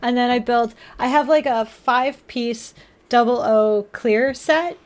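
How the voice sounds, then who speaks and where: Brief: high-pitched woman streamer, casual and giggly, swears a lot, live chat. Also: measured pace. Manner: chatty, laughs often, swears casually. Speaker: livestreamer building model kits.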